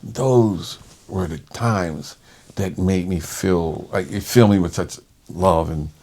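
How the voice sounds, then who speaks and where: Man with a low gravelly voice, animated storytelling about his work. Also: a little slow. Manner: animated, acts out quoted voices. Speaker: respiratory therapist. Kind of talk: personal storytelling in conversation.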